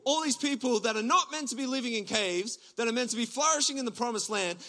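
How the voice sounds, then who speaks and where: An Australian pastor preaching to his congregation from the stage. His voice sits high and bright, with a ringing edge. He preaches with animated energy and pushes up toward near-shouts as he presses his point. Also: fast talker. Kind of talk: sermon. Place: church stage before a congregation.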